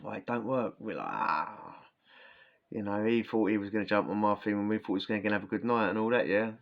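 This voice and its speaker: A man's voice: lowish voice, fairly even intonation, rapid-fire, muffled recording. A man telling prison stories casually to camera, rambling and swearing, often tagging lines with "yeah?". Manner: rambling, slangy, swearing, frequent "yeah?" tags. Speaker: vlogger recounting prison stories. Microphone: camera mic, talking to camera.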